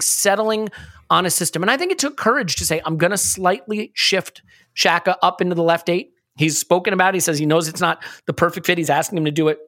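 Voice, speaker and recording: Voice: mid-range voice, a bit bright. Enthusiastic podcast host asking about football. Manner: enthusiastic, playful, drawn-out questions. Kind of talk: casual football chat.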